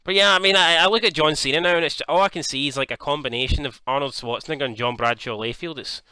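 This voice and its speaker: Young Scottish-born man, gaming commentator: bright, clean voice, dry close sound, excitable and sweary. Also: a little high, quick pace, clean tone, dry recording. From Scotland. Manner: excitable, swears freely, jokey. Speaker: gaming YouTuber. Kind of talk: casual game commentary.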